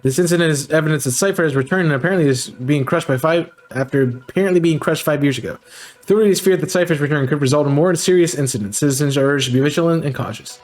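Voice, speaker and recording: A man reading out a female TV newscaster's bulletin in a brisk, formal news delivery. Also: a little high, a little mellow, faint music behind, lightly acted.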